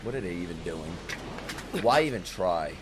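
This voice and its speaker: Excitable young man reacting, animated pitch. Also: normal speed, noisy background. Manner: excitable, swearing, laughing outbursts. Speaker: anime reaction streamer. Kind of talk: live reaction commentary. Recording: show audio and music behind. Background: anime soundtrack music.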